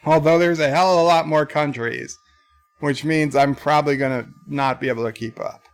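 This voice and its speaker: A man's voice: a little high, normal speed. A man hosting a casual livestream, singing along to list songs and reading viewer chat aloud with jokes. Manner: sings list songs then reads chat aloud, joking. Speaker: livestream host.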